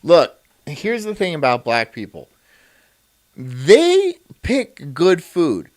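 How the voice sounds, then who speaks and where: A man's voice: on the high side, wildly swooping pitch, slow, no room sound. Rambling, crude male streamer. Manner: rambling, crude and self-mocking, breaks into laughs. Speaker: streamer reacting to a video. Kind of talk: casual stream chat.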